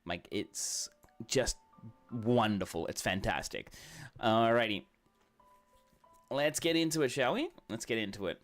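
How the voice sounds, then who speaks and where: A man streaming a game, talking casually and rambling warmly, with lots of fillers and restarts. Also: medium pitch, a little slow, pauses often. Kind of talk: casual chat while streaming. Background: faint background music.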